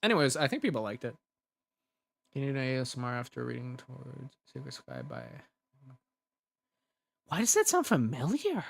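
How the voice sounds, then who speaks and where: A young adult man, an ASMR creator, rambling casually with restarts while chatting on a livestream. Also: medium pitch.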